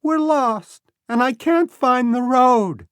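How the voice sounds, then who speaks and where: A man's voice: slow, smooth, no room sound, studio quality. A man doing a frightened little boy crying for help. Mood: desperate. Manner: high pleading cries. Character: frightened little boy lost in tall grass, about eight.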